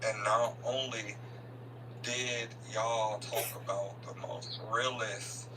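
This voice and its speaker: A man with a low voice gives a heartfelt tribute, stumbling and repeating himself as he goes. He sounds far from the microphone, and there is clear noise and a hum behind him. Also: fairly even intonation. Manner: earnest, halting, repeats words. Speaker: student giving a tribute. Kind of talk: spontaneous tribute speech at a live event. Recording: distant mic with a noisy room and hum.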